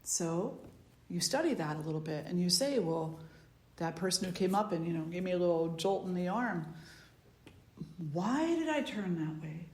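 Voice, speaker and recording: A woman spiritual teacher giving a slow, meditative talk, repeating phrases for emphasis. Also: lowish voice, a little mellow, reverberant.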